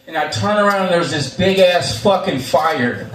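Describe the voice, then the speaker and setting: A man's voice: sits high, animated, moderate pace, fairly bright tone. A young man telling stories at a live show, in a casual, rambling way, swearing often and filling gaps with uh and um. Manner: rambling and profane, with many fillers and restarts. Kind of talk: casual spoken storytelling. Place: live venue, on stage. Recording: echoey room, mic far off, faint noise.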